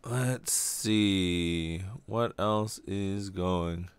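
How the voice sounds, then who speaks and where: A man's voice: low voice, drawn-out words, clear, resonant tone, dry recording. A man from Hawaii hosting a casual solo podcast, rambling and swearing freely as he rants. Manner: rambling, profane, animated. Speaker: podcast host.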